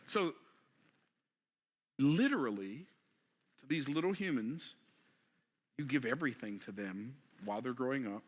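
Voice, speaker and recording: A man preaching a motivational sermon, asking rhetorical questions in a casual, everyday way and moving between quiet passages and emphatic ones. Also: medium pitch, lively intonation, unhurried, long pauses. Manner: casual vernacular delivery.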